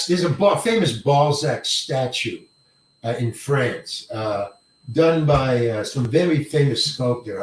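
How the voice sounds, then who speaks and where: An older man, a working actor, telling stories in an interview in an animated way, acting out the lines of others and swearing casually. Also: mid-range voice. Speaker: actor guest. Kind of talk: storytelling interview. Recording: echoey room, mic far off.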